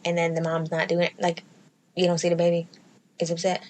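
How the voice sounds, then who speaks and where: A woman's voice: lowish voice, monotone, fairly quick. Blunt, profane woman in casual chat. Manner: blunt and profane, bursts of loud laughter. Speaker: podcast co-host.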